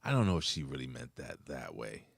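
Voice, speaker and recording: A low-pitched man hosting a loose, profane wrestling chat, his voice swinging up and down a lot as he rambles. The sound is dry and close. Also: very animated, brisk, creaky, husky, no echo. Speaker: podcast co-host. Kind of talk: casual wrestling review chat.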